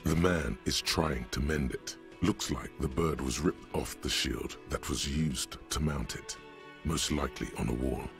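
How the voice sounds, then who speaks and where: A man voicing a grave game narrator, the detective's inner thoughts, with a gravelly, measured and ominous manner. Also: rumbling low, soft background music, heavily acted. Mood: brooding.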